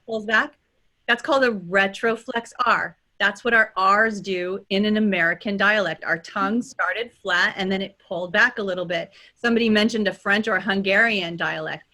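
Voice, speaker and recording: A woman with a Californian accent, teaching as a dialect coach and demonstrating sounds in a lively way, often checking in with "right?". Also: mid-range voice, moderate pace. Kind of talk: teaching pronunciation in a workshop.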